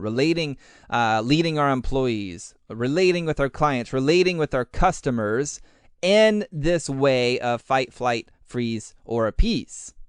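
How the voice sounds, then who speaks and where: Brief: male podcast host, smooth resonant voice, dry close sound, animated, acts out his thoughts mid-sentence. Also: medium pitch, no room sound. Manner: animated, acts out his own inner voice in quotes; uses many fillers like "like". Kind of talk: casual podcast talk.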